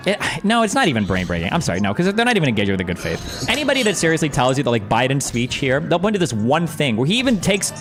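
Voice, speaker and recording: A man's voice: on the high side, racing, few pauses, over music. A man streaming while he reacts to a video, ranting in a casual, sarcastic and profane way. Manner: animated, sarcastic, profane rants.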